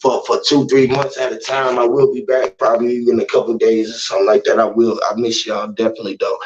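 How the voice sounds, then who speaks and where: A man's voice: mid-range voice, level tone, fast talker, a crowd in the background. A man hosting a casual livestream chat, telling profane stories animatedly and laughing often. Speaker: livestream host. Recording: dull lo-fi stream audio.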